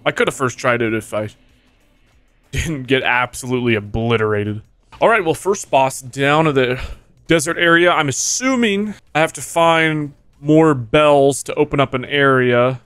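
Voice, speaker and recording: A young male gaming streamer with a smooth, mid-range voice chats casually over his gameplay, recorded dry with no echo. He's excitable and swears heavily, breaking into sudden panicked yelps whenever he gets hit.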